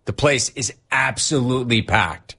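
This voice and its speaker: A man's voice: mid-range voice, measured pace, sharp tone, breathy edge. A man hosting a radio show, telling a story in a chatty, wry, self-deprecating way. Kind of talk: casual storytelling monologue.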